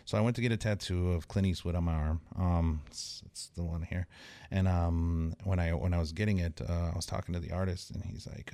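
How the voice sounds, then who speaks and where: A man in his forties, a guest on a podcast, telling stories in a rambling, halting way with many fillers and restarts. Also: sits low, gravelly, dark tone, dry recording. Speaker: podcast guest, tattoo artist. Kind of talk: casual storytelling chat.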